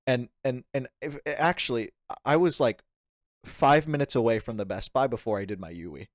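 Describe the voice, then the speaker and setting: A young man appears as a podcast guest, telling a rambling story at a moderate pace in a medium-pitched voice during casual chat. He's animated, laughs frequently, and voices people's quoted lines, all in studio quality with no echo.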